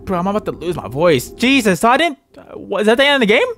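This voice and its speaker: A young man playing a horror game and reacting loudly, yelping and swearing at scares, then rambling through a recap. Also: sits high, fast, soft background music. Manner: excitable, yelps and swears at scares; rambling, self-correcting outro recap. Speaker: gaming YouTuber. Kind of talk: reactive gameplay commentary.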